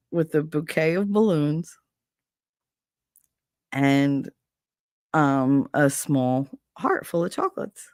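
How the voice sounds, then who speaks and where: Middle-aged woman host, casual storyteller, low-pitched, dry close sound, animated and profane. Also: no echo. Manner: animated, swearing, acts out voices in retelling.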